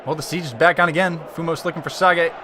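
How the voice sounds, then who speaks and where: A man doing live play-by-play commentary on a video game football match, getting excited and shouting on close chances. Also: fairly high pitch, fast, a little hiss or hum. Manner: excitable, rises to shouting on near goals.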